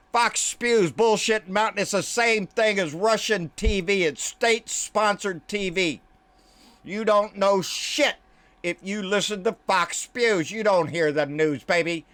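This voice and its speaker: Ranting angrily and with plenty of profanity, this man hosts a political commentary channel and speaks directly to camera. He calls the listener "baby" again and again and often slips into quiet, muttered remarks, all at a measured pace with a slightly bright sound.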